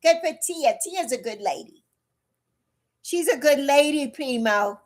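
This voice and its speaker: A woman's voice: sits high, lively intonation, measured pace. A woman in her early sixties chatting bluntly on a livestream, repeating herself for emphasis and answering her chat. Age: 60s. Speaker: livestream host.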